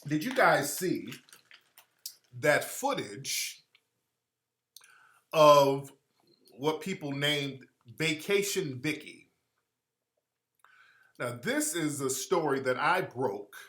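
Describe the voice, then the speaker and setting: A man hosting a casual talk show, telling a story in an animated way with frequent laughter. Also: a little high, extremely slow, long pauses. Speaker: radio show host. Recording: roomy echo.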